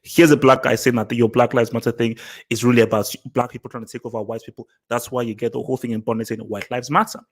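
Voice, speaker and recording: This vlog host is a fast-talking man whose mid-range voice has a flat delivery. He gives casual opinion commentary with emphasis, repeating phrases and restarting sentences along the way.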